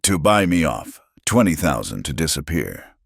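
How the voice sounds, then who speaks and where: A man's voice: rumbling low, sing-song, normal speed, vocal fry, slightly rough, dry recording, studio quality, full character voice. Man playing a brooding battered cowboy. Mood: determined. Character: battered, brooding male cowboy, steady and determined.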